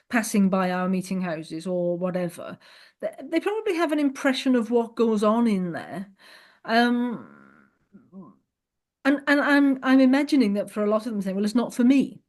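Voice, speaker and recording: A woman with a fairly high, darkish voice hosts a podcast interview in a conversational style. She comes across as earnest, thinking aloud in long, searching sentences.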